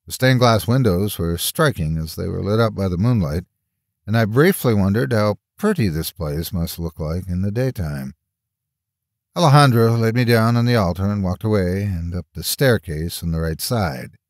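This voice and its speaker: Low-voiced man narrating a horror story. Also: lively intonation, no room sound, clean studio sound. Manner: measured storytelling, first person. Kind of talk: scripted first-person horror narration.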